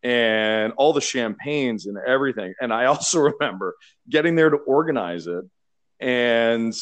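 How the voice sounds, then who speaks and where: A man from Canada recounting stories in an easygoing chat. His voice sits at a middle pitch, and he is animated, often laughing as he acts out what others said. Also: normal speed. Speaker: beverage marketer. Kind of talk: casual storytelling chat.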